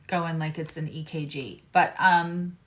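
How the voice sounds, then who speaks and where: A woman's voice: low-pitched, fairly even intonation, measured pace, fairly bright tone. A woman reading tarot cards on a live stream, chatting with viewers in a loose, digressive way. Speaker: tarot reader and astrologer.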